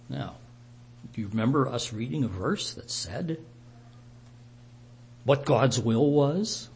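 A male Bible teacher unhurriedly retells scripture to his group, mixing in chatty asides and questions. His pitch rises and falls a great deal as he storytells. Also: lively intonation, slow, long pauses, darkish tone.

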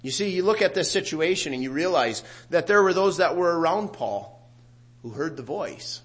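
Preaching man with a higher voice. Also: moderate pace. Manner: animated preaching, rising loud on scripture quotes. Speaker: pastor. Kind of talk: sermon.

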